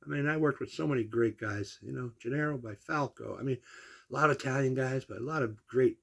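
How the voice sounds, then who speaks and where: A man's voice: medium pitch, brisk. A man in his sixties telling salty family stories in a casual way, acting out the people he quotes. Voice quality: gravelly, husky voice. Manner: animated, salty storyteller who acts out the people he quotes. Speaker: storyteller. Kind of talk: casual personal storytelling.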